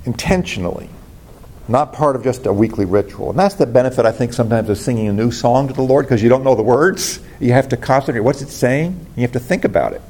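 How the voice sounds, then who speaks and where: A man preaches with earnest conviction, speaking straight to his congregation. His voice sits at an ordinary middle pitch. The delivery is that of a pastor giving a sermon. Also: lively intonation, fast talker, dark tone.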